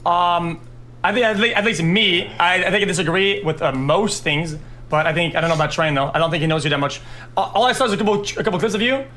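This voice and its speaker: A man on a streamed debate panel, speaking bluntly in rapid, fidgety bursts. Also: high voice, pushed and bright.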